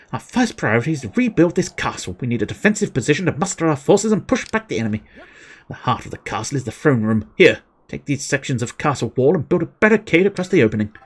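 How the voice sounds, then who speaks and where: A man's voice: on the high side, slightly rough, pitched above the performer's own voice. A man voicing a stern male war commander from a video game, reading the lines in a grand, declamatory way.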